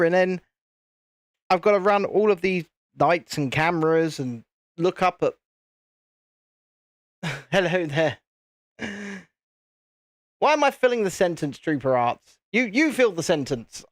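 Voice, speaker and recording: A British man hosts a live stream and chats loosely while he builds. His voice sits fairly high for a man. The sound is dry and close, with almost no room around it. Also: lively intonation, unhurried, pauses often, no room sound. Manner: chatty, rambling, reads viewer comments aloud. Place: home streaming setup with lights and cameras. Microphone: desk mic at a streaming setup.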